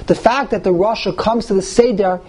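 A Torah teacher leads a text-study class, speaking briskly and animatedly while mixing Hebrew and Yiddish terms into his English. He jumps up in pitch to stress points, and the recording quality is low.

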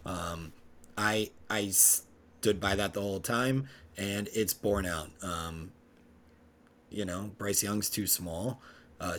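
Male podcast co-host, lowish voice, emphatic and opinionated, casual. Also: slightly rough. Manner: emphatic, opinionated, jumps between fast and drawn-out phrasing.

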